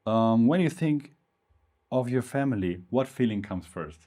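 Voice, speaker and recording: A man interviewing a guest, asking gentle, soft-spoken questions. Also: mid-range voice, lively intonation, unhurried. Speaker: interviewer, photographer.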